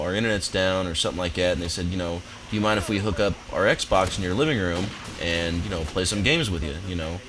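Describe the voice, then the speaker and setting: Young male gaming commentator, lowish voice, easygoing storyteller, faint background hiss. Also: fairly bright tone, low-quality recording. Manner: laid-back, rambling, amused. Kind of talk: casual storytelling over gameplay. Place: home office.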